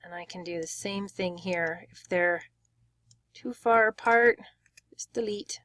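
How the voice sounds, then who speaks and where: Clear woman teaching pronunciation. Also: on the low side, measured pace, fairly bright tone, no room sound, studio quality. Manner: clear, step-by-step explaining with demonstrated words. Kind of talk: screen-share tutorial.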